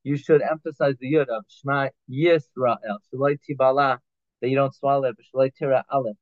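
Man as a Torah teacher, middle pitch, phone-like sound, dry. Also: steady tone, brisk, no room sound. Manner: reads Hebrew phrases then explains them in English, with restarts and fillers. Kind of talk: halacha class, translating Hebrew text line by line. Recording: tinny phone-like line, dry.

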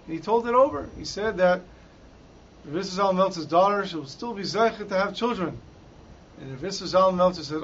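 A man's voice: high-pitched, a little fast, fairly bright tone, a little hiss or hum. A man giving a Torah talk as a dramatic storyteller who raises his voice for quoted lines. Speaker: Torah teacher. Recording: dull lo-fi recording.

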